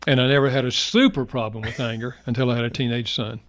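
An older man, a guest author, telling personal stories in an earnest, heartfelt way, going soft in emotional moments. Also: mid-range voice, fairly even intonation, quick pace, dry recording, studio quality. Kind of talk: reflective personal storytelling.

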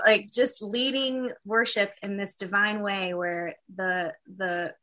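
A woman with a bright, forward voice and middle pitch tells her faith story as a guest. She talks candidly and haltingly, with many fillers and restarts. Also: steady tone. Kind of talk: personal testimony in a conversation.

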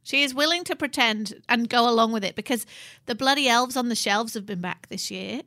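A woman's voice: medium pitch, sharp tone, no echo, studio quality. A woman co-hosting a parenting chat show, telling stories in a chatty way and laughing often. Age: adult parent. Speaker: podcast co-host. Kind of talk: casual chat.

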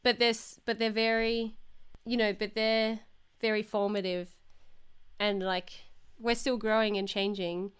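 A young woman co-hosting a podcast in casual chat, talking in loose, restarting sentences full of "like" and quick laughs. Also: medium pitch, level tone, clear, resonant tone. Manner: chatty, many likes and restarts, frequent laughter. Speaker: podcast co-host.

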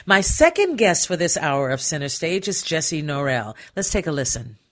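A woman's voice: deep voice, big pitch swings, normal speed. A woman hosting a radio arts show, upbeat and chatty, laughing easily with guests. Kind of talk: radio interview.

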